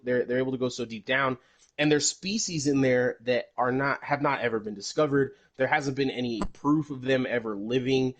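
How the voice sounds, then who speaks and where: A man with a mid-range voice, heard on a rough recording, co-hosts a podcast. He recaps a movie in rambling, casual chat and swears freely.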